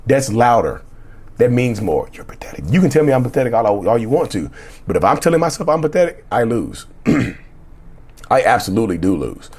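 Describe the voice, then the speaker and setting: Middle-aged guy, husky voice, talking straight to camera, blunt and repetitive, swears a bit. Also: mid-range voice, very animated, a little fast, darkish tone. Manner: emphatic, repetitive, blunt with cussing. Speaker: relationship coach. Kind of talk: casual motivational talk.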